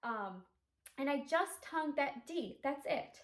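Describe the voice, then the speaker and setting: A woman's voice: high-pitched, animated, unhurried. A woman teaching flute, explaining articulations step by step and singing the syllables of each note. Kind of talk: instrumental music lesson. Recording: echoey room.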